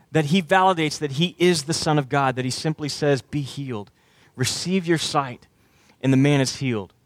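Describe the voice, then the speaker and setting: Pastor preaching in a dry, close sound. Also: male voice, fairly high pitch, dry recording. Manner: conversational preaching with dramatic quoted voices. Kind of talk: sermon.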